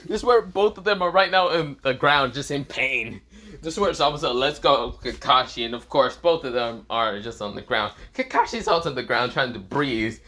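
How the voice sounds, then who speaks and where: A man's voice: medium pitch, expressive, moderate pace, bright, forceful tone. A young man improvising a comic fan story, rambling and crude with many fillers. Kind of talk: improvised comedic story narration.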